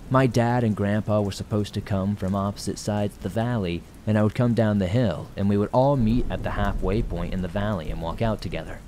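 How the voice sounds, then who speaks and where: A man reading a first-person horror story aloud in a calm, measured way, with sudden raised yells. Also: on the low side, slight background noise.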